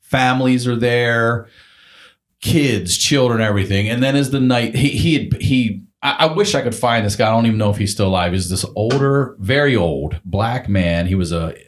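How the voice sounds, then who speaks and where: A male comedian telling a long, animated story in casual chat, swearing freely and acting out the people he quotes. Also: medium pitch, normal speed. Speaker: guest comedian.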